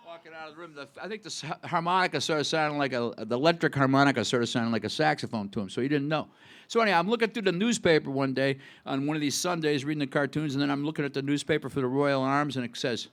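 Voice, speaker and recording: A man's voice: fairly high pitch, quick pace. A man in his sixties from Buffalo, a singer-songwriter telling a rambling, chatty story on stage at a live music club. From Buffalo, New York. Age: 60s. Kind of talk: onstage storytelling between songs.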